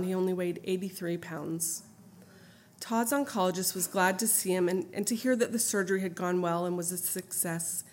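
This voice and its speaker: A middle-aged woman reading her own memoir aloud in an earnest, heartfelt, steady way. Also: lowish voice. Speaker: memoir narrator.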